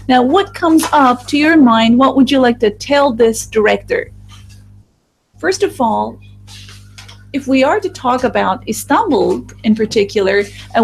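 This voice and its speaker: Halting woman interpreting a group discussion. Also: a little high, creaky, a little hiss or hum, rough recording. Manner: halting, with restarts and fillers. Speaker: voice-over interpreter for a focus group. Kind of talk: live interpreting voice-over.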